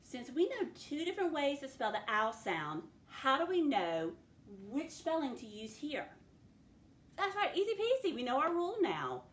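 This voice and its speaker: A woman's voice: high voice, sing-song. A woman teacher leading a phonics spelling lesson for children, sounding out each word patiently. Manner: slow, patient, sounds words out. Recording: echoey room, faint background noise.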